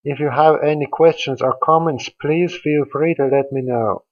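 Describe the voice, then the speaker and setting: A man giving a scripted grammar lecture as a language teacher, explaining each step in a deliberate, methodical way. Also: fairly high pitch, fairly even intonation. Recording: dull lo-fi voice-over.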